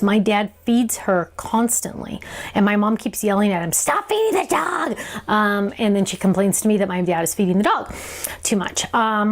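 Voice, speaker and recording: A woman hosting a live craft show, answering viewer questions in a chatty, bubbly way and laughing often. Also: fairly high pitch. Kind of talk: live stream Q&A chat.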